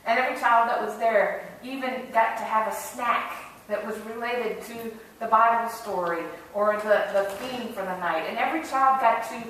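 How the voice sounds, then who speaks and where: A woman pastor delivers a sermon in a relaxed, earnest, storytelling way, her voice fairly high. She is heard from some distance in a church full of echo, with faint noise behind her. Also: normal speed, few pauses. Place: church sanctuary.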